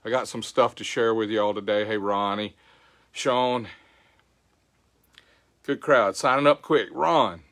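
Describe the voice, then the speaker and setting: A man's voice: fairly low pitch, slow, long pauses, fairly bright tone. An older man hosting a casual livestream, folksy, greeting viewers by name. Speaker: show host. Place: home.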